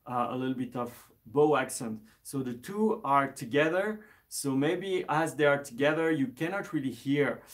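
A man teaching an instrument lesson on a live stream, speaking in a relaxed, hesitant way with many fillers and restarts. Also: medium pitch. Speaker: music teacher.

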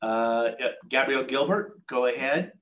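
A man chairing a county board meeting, running procedure in a halting way with fillers. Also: medium pitch, lo-fi sound. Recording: echoey meeting room, faint room noise.

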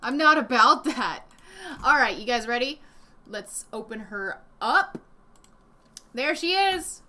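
A woman giving casual reaction commentary from home, indignant and animated, swearing often. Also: on the high side, takes it slowly. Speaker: commentary vlogger. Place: home room with desk and a dog nearby.

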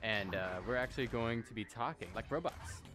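A man's voice: medium pitch, brisk. A young man hosting a VR gameplay video, playful and jokey, laughing often as he talks. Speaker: gaming YouTuber host. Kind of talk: excited gameplay commentary. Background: background music.

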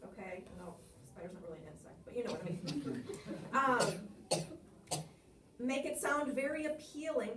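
A woman's voice: fairly high pitch, moderate pace, a bit bright, echoey room, distant mic, a little hiss or hum. A woman teacher coaching a student on reciting a poem, encouraging and asking guiding questions.

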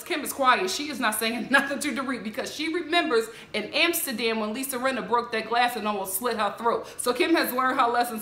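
Female commentator, animated and chatty, fairly high bright voice, roomy echo. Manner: animated, mimics the people she recaps in a higher voice. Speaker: show recap host. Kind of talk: casual commentary.

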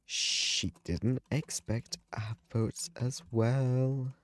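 Dramatic, slow-talking male gamer. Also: medium pitch, no echo. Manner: dramatic and panicky, laughs and exclaims often. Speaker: gaming video creator. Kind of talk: live gaming commentary.

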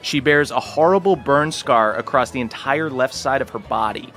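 A man's voice: mid-range voice, normal speed, a bit bright, soft background music. A man narrating a tabletop game as game master in a casual, laughing manner.

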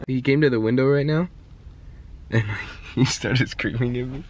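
A man's voice: medium pitch, takes it slowly, long pauses. A man vlogging in a playful, casual way, laughing often while he talks from inside a car. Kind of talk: casual vlog chat.

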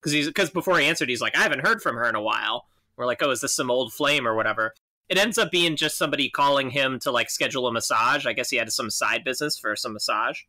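Male podcast co-host, easygoing storyteller, bright and forward tone. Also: mid-range voice, fast. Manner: relaxed anecdote teller, laughs easily. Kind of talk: casual chat.

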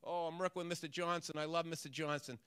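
A man's voice: a little high, fairly even intonation, quick pace, fairly bright tone, clear, resonant tone, dry recording, natural voice. A man voicing a tough teenage boy who talks in a heartfelt, wondering way about a grown-up who believes in him. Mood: fond. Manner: wondering, heartfelt inner talk.

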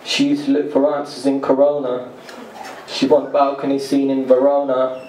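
A man performing spoken word poetry with a deadpan, rhythmic storytelling delivery. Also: mid-range voice, moderate pace. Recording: echoey live room, distant mic, noisy.

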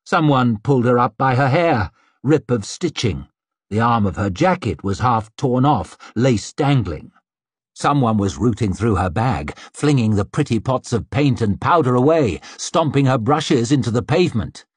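A man's voice: medium pitch, animated, normal speed, slightly rough, no echo. A man narrating an audiobook expressively, slipping into a character's sneering inner voice.

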